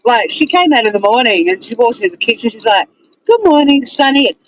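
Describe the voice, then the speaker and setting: A woman's voice: a little high, animated, quick pace, fairly bright tone, slight background noise, poor audio. Blunt, swearing woman chatting. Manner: blunt, exasperated, swears freely, laughs often. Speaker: streamer. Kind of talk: casual livestream chat reading viewer comments.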